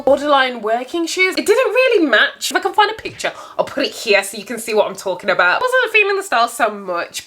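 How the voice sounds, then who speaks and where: Playful, chatty young woman vlogger. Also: fairly bright tone. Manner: playful and chatty, sudden swoops up into a high voice. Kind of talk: casual story-time chat to camera.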